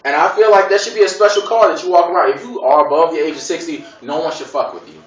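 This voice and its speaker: A man's voice: a little high, fairly even intonation, fast. A man from Gary, Indiana, doing a loose, profane stand-up routine full of digressions and put-on voices. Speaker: stand-up comedian. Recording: echoey room from a distance.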